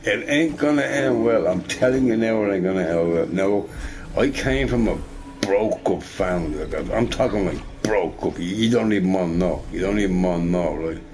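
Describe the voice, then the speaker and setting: Middle-aged man, lowish voice, loose profane gaming-stream rant with a "right?" on every other line. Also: normal speed. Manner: rambling, profane, tags lines with "right?". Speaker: shop boss and gamer. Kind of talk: casual rant while gaming.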